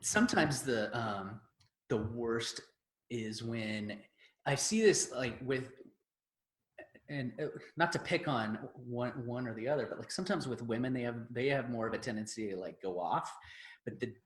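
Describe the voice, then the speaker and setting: A man's voice: medium pitch, animated, normal speed. A man hosting a podcast, telling a story in casual, emphatic chat. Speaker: podcast host. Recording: roomy echo.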